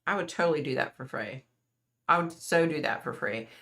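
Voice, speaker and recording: Middle-aged woman, livestream host, earnest and chatty, lowish pitch with a bright tone. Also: brisk. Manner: chatty, earnest, reads and answers viewer comments. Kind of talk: casual livestream chat with viewers.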